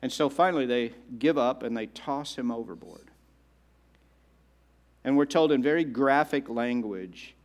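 Male pastor, sermon, slightly high voice, dramatic repetition, slowed emphasis.

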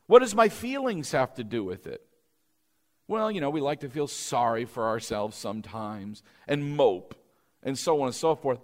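Male pastor, sermon delivery, higher voice with wide pitch swings, call-and-response style. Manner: preaching with call-and-response prompts; rising to emphatic, louder peaks.

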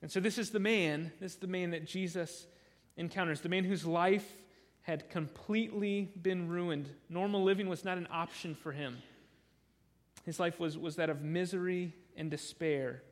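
A man's voice: high voice, steady tone, moderate pace. A man preaching a sermon through a Bible passage, earnest and conversational, often repeating words as he restarts a sentence.

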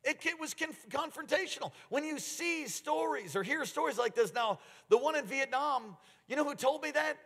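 A man preaching a sermon, telling stories with an animated delivery that climbs into excited outbursts. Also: extremely high pitch, normal speed, few pauses, big-room sound. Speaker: pastor.

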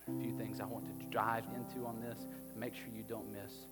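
A man's voice: lowish voice, steady tone, a little fast. Preaching man in a reverberant hall. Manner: swings from hushed near-whisper to loud emphatic preaching. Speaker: pastor. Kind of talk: sermon. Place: church with a live congregation. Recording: long hall reverb with faint music behind.

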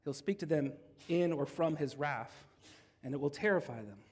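Conversational pastor in a reverberant hall. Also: male voice, on the high side, normal speed, a little mellow, breathy edge. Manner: conversational, jokes with the congregation. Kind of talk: sermon.

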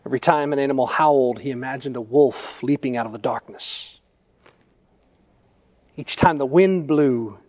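A male pastor preaching a sermon, telling stories in a measured way and putting questions to the congregation. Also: mid-range voice. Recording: echoey church hall, dull lo-fi sound.

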